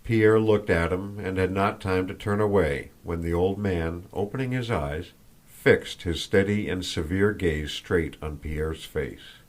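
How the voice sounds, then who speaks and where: Deep-voiced man narrating an audiobook. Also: unhurried. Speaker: audiobook reader. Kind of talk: scripted narration.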